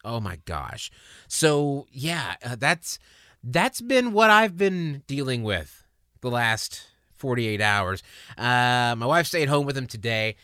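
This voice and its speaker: A man in his thirties, a podcast host, telling a personal story in an earnest, emotional, halting way. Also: medium pitch, expressive, sharp tone, smooth, dry recording, clean studio sound.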